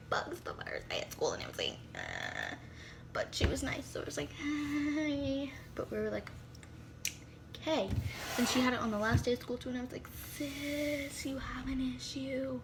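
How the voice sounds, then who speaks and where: A woman's voice: a little high, noisy background. A teenage girl telling a storytime vlog in casual chat, full of "like" and dramatic whispered asides. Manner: chatty, heavy use of "like", dramatic asides and whispered comments. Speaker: vlogger. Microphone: phone.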